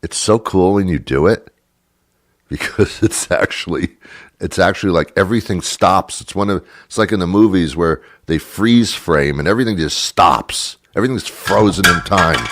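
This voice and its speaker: A man's voice: deep voice, a bit bright, no echo, clean studio sound. A man hosting a talk show, rambling through a comic monologue in a chatty, self-mocking way. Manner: chatty and self-mocking, slipping into silly put-on voices.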